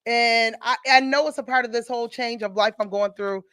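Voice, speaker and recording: A woman hosts a radio show in casual chat with a Southern US accent, her voice sitting fairly high. She talks emotionally and laughs easily. The sound is close and dry. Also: steady tone, a little fast, fairly bright tone, no room sound.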